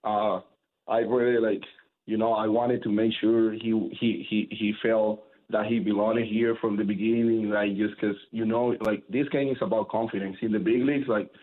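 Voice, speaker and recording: A man, a professional baseball pitcher, answering interview questions casually, rambling with lots of fillers and restarts. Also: level tone, normal speed. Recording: tinny phone-like sound.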